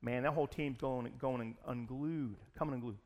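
A pastor telling a personal story in a sermon, in an animated, conversational way. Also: male voice, medium pitch, normal speed.

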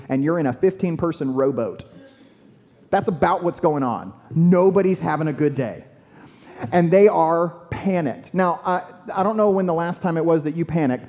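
A man preaching a sermon in a lively, conversational way, acting out the disciples' panic. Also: fairly high pitch. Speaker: pastor. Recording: long hall reverb.

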